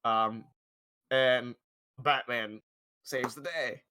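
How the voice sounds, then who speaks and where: A young man co-hosting a casual film review, retelling scenes in an excited, rambling way with lots of swearing. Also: mid-range voice, drawn-out words, slight background noise. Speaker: podcast co-host. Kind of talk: casual movie review chat.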